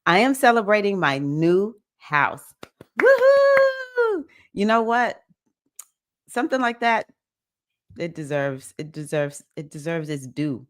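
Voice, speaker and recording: A woman's voice: lowish voice, animated, unhurried. A woman hosting a casual livestream chat, enthusiastically cheering on viewers and reading their comments aloud. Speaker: livestream host.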